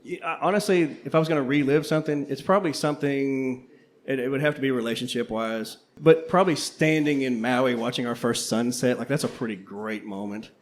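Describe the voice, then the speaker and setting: A man's voice: medium pitch, a little fast. Older man, reflective and rambling. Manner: reflective, rambling, laughs often. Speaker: co-host, history teacher. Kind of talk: casual panel chat. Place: coffeehouse before a live audience.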